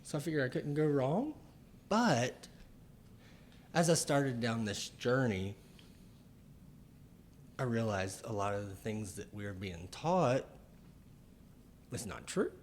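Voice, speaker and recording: A man who works as a chiropractor and author, talking through ideas in a casual podcast conversation, slow and deliberate, with pauses and fillers. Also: mid-range voice, lively intonation, slight background noise.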